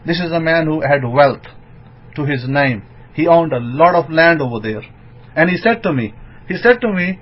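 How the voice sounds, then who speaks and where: A man's voice: on the high side, normal speed. Emphatic man preaching, dull lo-fi sound. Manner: emphatic, rising to excited outbursts. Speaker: rabbi teaching. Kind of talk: informal sermon. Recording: dull lo-fi recording.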